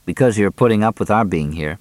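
A man's voice: fairly low pitch, fairly quick, a little mellow, dry recording, lightly acted. A man voicing a guarded young man who answers in a dry, polite manner.

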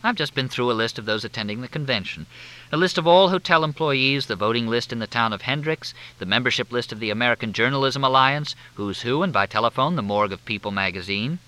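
A man's voice: mid-range voice, fast, bright, forceful tone, voice pushed up, lightly acted, poor audio. A man reading aloud, voicing a brash, wisecracking woman reporter who talks bluntly and airily. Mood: teasing. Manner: blunt, teasing, airy.

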